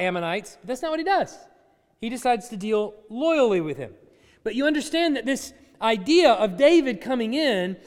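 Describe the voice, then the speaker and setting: High-voiced man preaching in a reverberant hall. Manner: conversational, playfully coaches the congregation. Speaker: pastor. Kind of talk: sermon.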